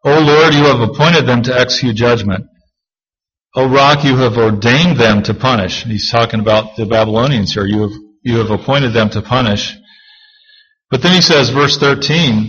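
A male pastor preaching a sermon, reading scripture slowly and then explaining it in a conversational way. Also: mid-range voice, fairly bright tone, slightly rough, muffled recording.

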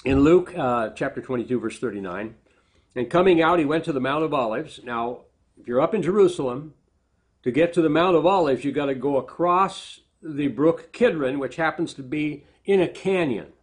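A man's voice: fairly high pitch, lively intonation, normal speed, husky. A man preaching a sermon, reading scripture aloud with lifted emphasis and then explaining it in plain, conversational asides. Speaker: pastor.

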